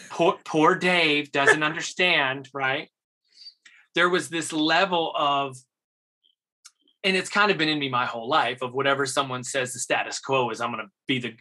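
A man's voice: mid-range voice, normal speed, sharp tone. A man, an actor and interview guest, telling stories casually and animatedly, laughing and acting out quotes.

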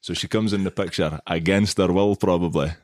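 A Scottish man with a very low voice spins a rambling, self-mocking tale for his podcast co-host. He talks in a loose, chatty way, and the recording is dry and close. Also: steady tone, brisk, no echo. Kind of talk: casual storytelling chat.

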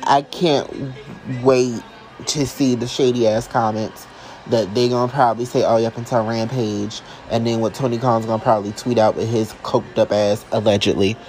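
A man reacting live as a fan, excitable and emotional, talking casually and sassily to his viewers. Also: mid-range voice, moderate pace, rough recording. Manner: casual and sassy, calls listeners y'all and honey. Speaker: wrestling fan vlogger.

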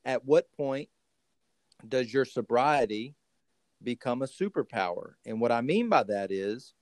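A man from Texas hosts a casual podcast about recovery, speaking from home over a call. He tells stories with animated energy, often restarting sentences and stacking up "and"s. His voice sits at an ordinary middle pitch, recorded close and dry. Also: a little slow, no echo. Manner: animated storyteller, many restarts and repeated "and". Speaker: podcast host.

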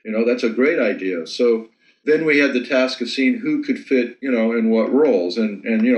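A lower-voiced American man chats about his own work in a relaxed interview. He stumbles and repeats words as he gathers his thoughts. His voice rings in a noticeably echoey room. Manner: halting, repeats words while thinking. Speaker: filmmaker guest. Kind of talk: casual interview conversation.

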